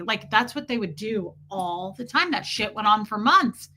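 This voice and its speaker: A woman in her forties livestreams in a casual chat, her medium-pitched voice bright and forceful at a normal speed. She tells stories frankly and bluntly, quoting other people's voices, and responds to viewer comments.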